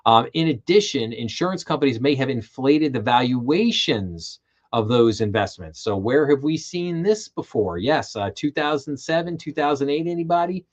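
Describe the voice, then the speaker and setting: A man's voice: mid-range voice, expressive, moderate pace, dull audio. Casual man reading finance news. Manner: casual, reads headlines then riffs with fillers. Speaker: show host. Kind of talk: livestream financial news commentary.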